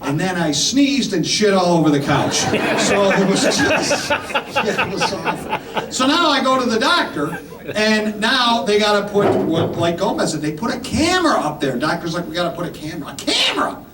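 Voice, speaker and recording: A man's voice: sits high, very animated, moderate pace, crowd noise. A man in his fifties performing a stand-up comedy set, rambling and punchy, tossing in "right?" and "man" as he goes. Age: 50s. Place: comedy club stage. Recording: echoey club mic heard from far off, audience noise. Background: audience laughter.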